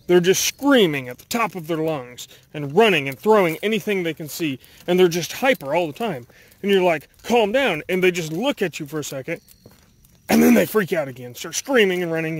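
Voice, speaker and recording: A young man rambling casually in a walking vlog through the woods by a creek, telling animated stories, recorded on a handheld camera. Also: a little high. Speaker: vlogger.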